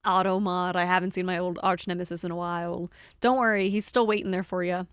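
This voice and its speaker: A woman's voice: fairly low pitch, steady tone, quick pace, clear, resonant tone, no echo, clean studio sound. A young woman streaming a game live, chatting casually with her viewers in a rambling, giggly way. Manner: rambling, giggly, talks to chat.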